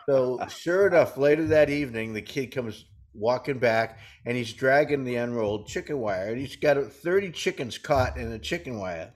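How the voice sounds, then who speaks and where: A man's voice: mid-range voice, expressive, normal speed. A man co-hosting a comedy talk, telling folksy jokes and laughing at his own punchlines. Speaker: co-host. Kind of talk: joke-telling banter.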